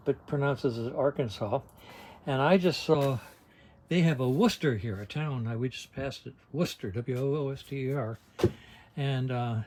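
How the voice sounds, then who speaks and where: An older man vlogging an RV trip talks casually to his handheld camera from inside the RV, folksy and digressive, with wry asides and frequent restarts. His voice is mid-range, and there's slight background noise.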